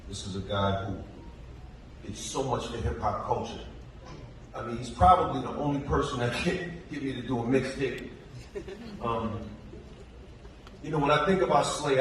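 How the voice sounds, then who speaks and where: A man giving a measured, reflective tribute at a memorial, pausing often as he speaks in a large theater hall. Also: lowish voice. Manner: measured, reflective, pauses with ums. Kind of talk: memorial speech. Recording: echoey hall, distant pickup, noise.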